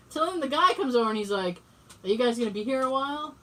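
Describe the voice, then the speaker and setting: Fast-talking, with a fairly high pitch and fairly bright tone, a woman tells a story as a podcast co-host, voicing the dialogue she quotes and swearing freely in casual chat. The recording places her voice away from the mic.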